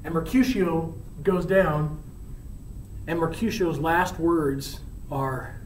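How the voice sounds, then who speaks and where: A male teacher retelling a story in a casual, animated way with slang. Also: a little high, slow pace, slight background noise. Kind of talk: storytelling lesson. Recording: echoey room, mic at a distance.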